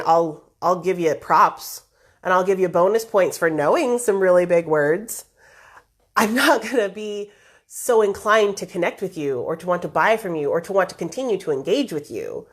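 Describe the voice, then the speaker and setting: A woman hosting a live stream with business tips, talking in a chatty, lively way and clearing her throat now and then. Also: mid-range voice. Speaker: host.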